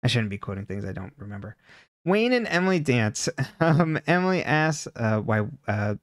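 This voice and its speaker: Male podcast co-host, mid-pitched, smooth and clear, dry close mic, casual recap delivery with laughs. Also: sing-song, moderate pace, dry recording. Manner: chatty, laughs often, many "like" and "um" fillers.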